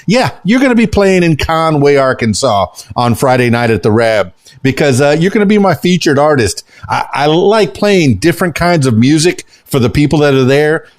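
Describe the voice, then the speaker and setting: An American man in his fifties hosting a podcast interview, excitable and full of halting restarts. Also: fairly high pitch. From United States. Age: 50s. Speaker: podcast host. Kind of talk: enthusiastic interview chat.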